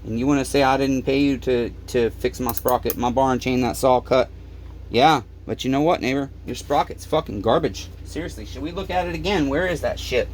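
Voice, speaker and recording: A man's voice: medium pitch, fairly quick, slight background noise. A tired, fed-up man who runs a small repair shop, ranting to the camera in his workshop and swearing constantly. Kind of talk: angry workshop rant to camera.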